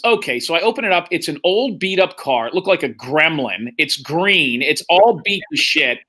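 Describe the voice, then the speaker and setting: A man's voice: on the high side, sharp tone. A middle-aged man telling a long, profane story in casual chat and acting out the other people's lines. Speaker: podcast host telling a story.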